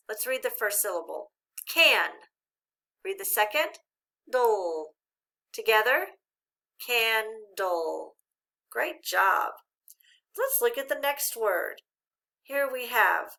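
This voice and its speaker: A woman teaching a phonics lesson to children, spelling letters out slowly and praising often. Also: medium pitch, gravelly, bright, forceful tone. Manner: slow, drawn-out spelling of letters with encouraging praise.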